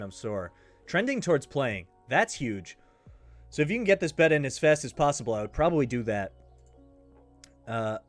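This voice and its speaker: A man hosting his own sports betting show, talking casually and hammering his points home by repeating them. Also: a little high. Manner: emphatic, repeats himself for stress. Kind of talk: casual betting picks talk.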